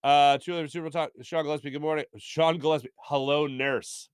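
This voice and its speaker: A man's voice: on the high side, quick pace, smooth, no echo, clean studio sound. A man in his thirties hosting a live sports talk show, reading out viewer comments in a playful, joking way. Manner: playful, animated, jokey.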